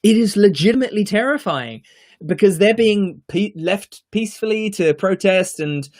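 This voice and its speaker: A man's voice: sits high, animated, moderate pace, a little mellow. A man co-hosting a podcast, reviewing a TV series in casual chat, earnest and emphatic, with frequent fillers and restarts.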